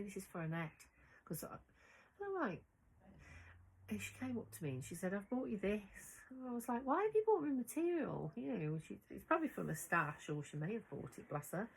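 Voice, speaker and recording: A woman's voice: medium pitch, a little hiss or hum, poor audio. A middle-aged woman chatting casually to camera about her sewing, bubbly and rambling. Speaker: sewing vlogger.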